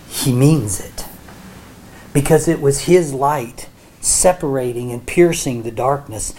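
Slow-paced and dark in tone, this mid-range voice belongs to a Bible teacher preaching a sermon, regularly checking in with the audience and restarting phrases along the way. A faint hiss or hum is audible.

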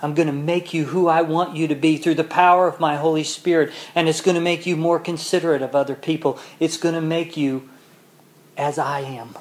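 A man preaching a sermon, reading scripture slowly and building to loud, emotional peaks before dropping back to a quiet, measured tone. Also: fairly high pitch, level tone.

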